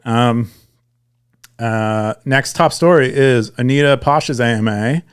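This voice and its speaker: A young male podcast co-host takes it slowly, his mid-range voice smooth. He chats casually and rambles, frequently restarting and using fillers.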